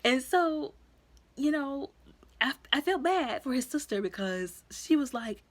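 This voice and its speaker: A woman's voice: high voice, animated, a little slow. A woman giving a casual, chatty movie review, acting out the characters' lines as she retells the story.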